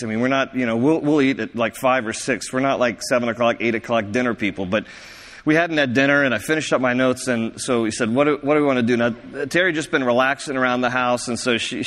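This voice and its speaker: A man preaching a sermon, telling a chatty story and quick to laugh. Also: fairly high pitch, a bit bright. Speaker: pastor. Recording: long hall reverb.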